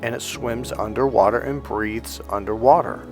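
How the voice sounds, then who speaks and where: A man's voice: medium pitch, moderate pace, darkish tone, soft background music. A man coaching in a casual motivational monologue, rambling with many restarts and repeated words. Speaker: life coach.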